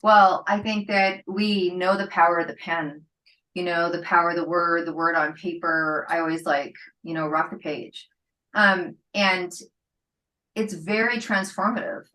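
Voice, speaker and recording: Female podcast host with a lower voice, reflective and conversational, seeks agreement. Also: steady tone, measured pace, sharp tone, recorded from a distance, low-quality recording. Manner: reflective, asks for agreement with "right?". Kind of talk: casual interview chat.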